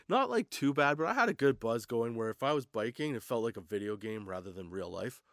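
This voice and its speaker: A man's voice: medium pitch, animated, moderate pace, a bit bright, dry recording, clean studio sound. A young man hosting a comedy podcast, telling a story casually, laughing often and swearing freely. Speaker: podcast host.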